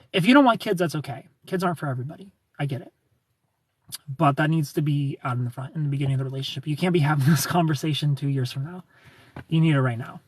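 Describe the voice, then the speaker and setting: Male livestream host, slightly raised pitch, breathy husky tone, chatty and blunt with viewers. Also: no room sound. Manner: chatty, gives frank relationship advice to viewers by name. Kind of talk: casual livestream chat.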